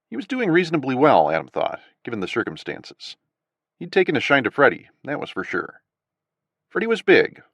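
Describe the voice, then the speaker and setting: A man narrating an audiobook in an expressive, varied storytelling manner. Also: mid-range voice, dry recording. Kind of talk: scripted narration.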